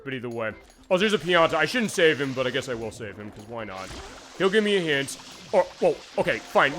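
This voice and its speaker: Male stream host, slightly high voice, rambling play-by-play chat, faint music under it. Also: a bit bright. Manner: rambling, chatty, many fillers and restarts. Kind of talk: casual let's-play commentary.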